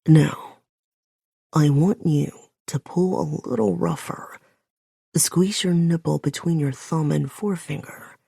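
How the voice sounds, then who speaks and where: Female reader playing a commanding man: deep growl, raspy, slow and low. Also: dark tone, no room sound, studio quality, heavily acted.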